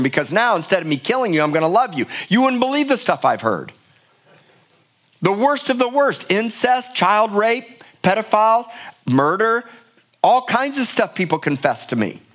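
A man's voice: high voice, a bit bright. A middle-aged male pastor preaching a sermon in a church, emphatic and passionate, often repeating words for force. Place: church sanctuary.

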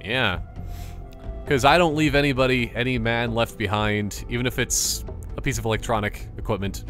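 A man's voice: medium pitch, steady tone, moderate pace, a bit bright, faint music behind. A man giving casual, joking commentary over a video game, rambling and exclaiming often. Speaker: gaming channel host.

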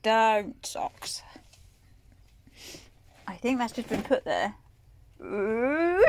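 A woman talks fondly to a cat in a coaxing, unhurried way, her voice sitting a little high. She is filming outdoors on a handheld phone. A faint hum of outdoor noise stays behind her. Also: lively intonation. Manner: coaxing, fond pet talk. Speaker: vlogger feeding a feral cat. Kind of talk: casual chat to a pet.

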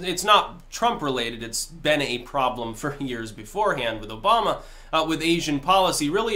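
A man's voice: on the high side, sharp tone. A man giving casual solo political commentary, blunt and profane, now and then acting out quoted voices in a sentence or two.

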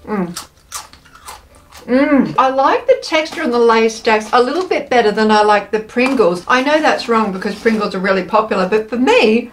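A woman's voice: mid-range voice, a little hiss or hum. An Australian woman chatting bubbly and casually as she taste-tests snacks for her vlog, exclaiming and thinking aloud.

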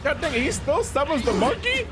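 A man giving excitable, slangy commentary while playing a video game, yelling and calling everyone bro. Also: very high voice, brisk. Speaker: gaming streamer. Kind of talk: gameplay commentary. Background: game music.

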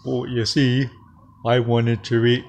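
A man doing Koopa, a low, slow, sleepy toy creature. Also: monotone, gravelly, darkish tone. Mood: meek.

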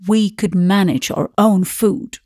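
A woman's voice: mid-range voice, slow, a little mellow, husky, no echo, clean studio sound. A woman voicing Josephine, a lofty, bossy spinster sister. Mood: firm. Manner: lofty and firm.

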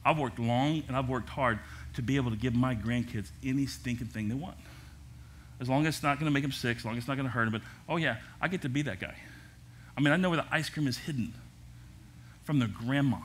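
An older man, a pastor, preaching a sermon at a church service in a lively way, with jokes and asides. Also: medium pitch, a little fast, long pauses, slight background noise.

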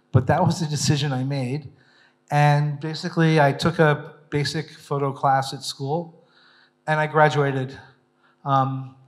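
A middle-aged man, a photojournalist giving a public talk, telling stories in a self-mocking, animated way and acting out the voices he quotes. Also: fairly high pitch. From United States.

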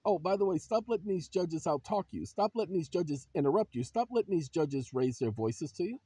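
Husky-voiced man preaching to viewers. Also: on the high side, expressive, fairly quick, hardly any pauses, no room sound. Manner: preachy, fires rhetorical questions at viewers; addresses viewers as ladies and gentlemen. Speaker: channel host. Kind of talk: emphatic vlog commentary.

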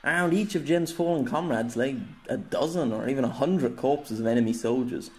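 A man's voice: medium pitch, a little fast. A man narrating his own fantasy novella as an audiobook, telling it dramatically. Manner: dramatic storytelling, voicing characters. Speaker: narrator and author.

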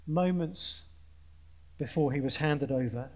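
A man preaching to a student audience, earnest, with pointed emphasis, quick restarts and dry humour. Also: a little high, a little mellow. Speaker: conference speaker preaching. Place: large conference hall with an audience.

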